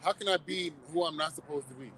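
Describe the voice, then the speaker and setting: A man's voice: on the high side, fast talker, fairly bright tone, a little hiss or hum, low-quality recording. A man preaching fervently on the street.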